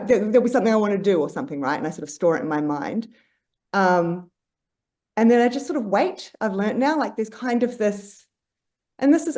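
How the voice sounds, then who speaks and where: A woman's voice: mid-range voice, a little mellow. Hesitant, reflective woman guest. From Australia. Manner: searching, hesitant, many fillers and restarts. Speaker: podcast guest, psychologist. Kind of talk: reflective conversation.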